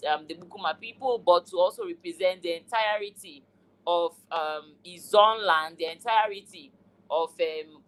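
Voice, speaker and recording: Nigerian woman, meeting host, low voice, unhurried and full of pauses. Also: poor audio. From southern Nigeria. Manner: measured, many pauses and fillers. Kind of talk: online community meeting.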